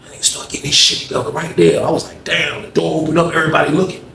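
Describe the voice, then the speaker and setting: A man telling a story in a casual, animated, slangy and profane way, acting out scenes. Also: on the high side, racing, creaky, reverberant.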